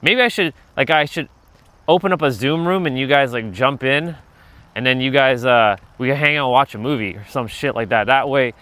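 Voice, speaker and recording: A man at an average pitch, out walking a trail in winter with his phone in hand. He chats loosely and swears freely as he tells stories to his livestream, laughing as he goes. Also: moderate pace, fairly bright tone. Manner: loose, profane, chatty, laughs often. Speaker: vlogger livestreaming a walk. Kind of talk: casual rambling storytelling.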